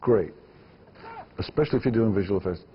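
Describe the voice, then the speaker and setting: A man's voice: on the low side, brisk, big-room sound, highs cut off, a little hiss or hum. A man, a filmmaker guest, answering interview questions emphatically and repeating words for stress.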